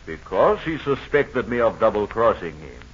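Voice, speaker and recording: A man's voice: lowish voice, very animated, normal speed, breathy edge. A menacing, gloating villain henchman. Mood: cagey. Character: scheming male villain henchman turned rogue. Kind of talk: 1930s radio acting. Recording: dull old radio transcription.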